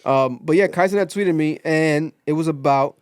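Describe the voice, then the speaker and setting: Young male podcast host, slightly high voice, dry close mic, animated storyteller. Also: normal speed, clear, resonant tone, dry recording. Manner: animated storytelling, acts out quotes. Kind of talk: casual podcast chat.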